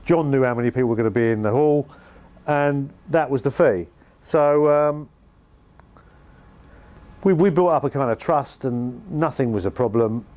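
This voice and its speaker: A man's voice: medium pitch, normal speed, pauses often, darkish tone. Wry English man telling music-business stories. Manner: wry and dryly humorous. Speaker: former band manager and music promoter. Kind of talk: anecdotal storytelling interview.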